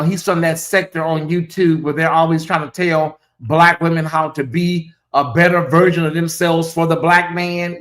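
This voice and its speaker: A woman's voice: low-pitched, fairly bright tone. A gossip host, a woman, holds forth to her viewers in a loose, sassy rant. She rambles, piles on the fillers and keeps interrupting herself before swinging back to the point. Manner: sassy, ranting, talks straight to viewers. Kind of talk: celebrity gossip commentary.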